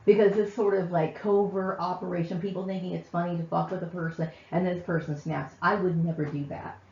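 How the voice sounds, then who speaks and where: Angry woman ranting, gravelly and echoey. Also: fairly low pitch, fairly even intonation, fairly quick, dark tone. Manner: heated, repetitive, keeps asking "okay?". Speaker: channel host. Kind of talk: angry vlog rant to camera. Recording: echoey, distant, muffled room sound.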